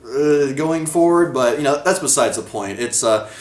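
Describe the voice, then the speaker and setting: A man's voice: medium pitch, expressive, moderate pace. A man giving a casual video review of a TV episode, rambling, correcting himself and laughing often. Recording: echoey room.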